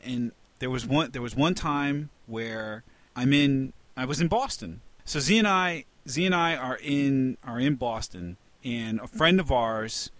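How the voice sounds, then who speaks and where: A man co-hosting a casual chat, an animated storyteller who swears freely and laughs often. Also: mid-range voice, no echo. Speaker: podcast co-host.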